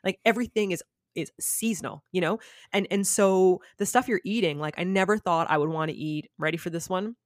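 A woman guest on a podcast, telling stories in a lively, casual way and filling her talk with "like.". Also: lowish voice, a little fast, no echo, studio quality. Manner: animated storyteller, says "like" a lot. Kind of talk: casual chat.

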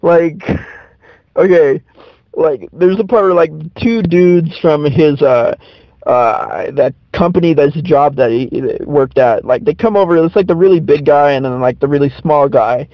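A man's voice: fairly high pitch, a little slow, dry recording, lo-fi sound. A man hosting a podcast in casual chat, rambling and laughing often. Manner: giggly, rambling, frequent laughs. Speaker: podcast host.

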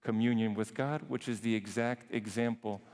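A man preaching a sermon, emphatic, drawing some phrases out slowly and rushing others. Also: lowish voice, steady tone, a little mellow, big-room sound. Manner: emphatic, shifts between slow and quick phrasing. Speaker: priest preaching.

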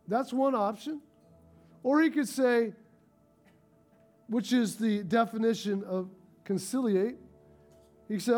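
A male pastor preaching a sermon, telling stories with animated, rising excitement. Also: high voice, unhurried, long pauses, soft background music.

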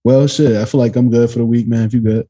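A man co-hosting a podcast, firing back quick reactions and banter in casual chat. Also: mid-range voice, steady tone, mellow. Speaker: podcast co-host.

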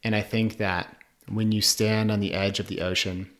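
A man in his thirties co-hosting a podcast, talking in a relaxed, reflective way and often agreeing. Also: lowish voice, normal speed. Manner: easygoing, reflective, affirming. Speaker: podcast co-host. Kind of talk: casual podcast chat.

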